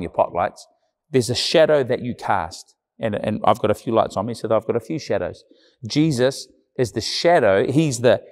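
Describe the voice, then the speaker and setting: A man's voice: on the low side, darkish tone. A man preaching a sermon in an earnest, conversational way, with emphatic repeated phrases. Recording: long church-hall reverb.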